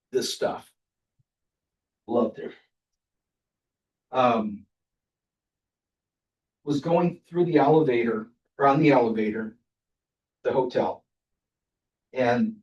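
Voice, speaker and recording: A man's voice: medium pitch, darkish tone. An older man giving a humorous speech at a club, telling travel anecdotes and chuckling between them. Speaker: club speaker. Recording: roomy sound from a distant mic.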